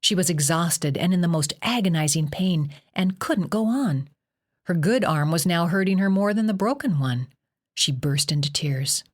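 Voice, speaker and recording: A woman reading a horror novel aloud as an audiobook narrator, measured and expressive. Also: lowish voice. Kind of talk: scripted narration.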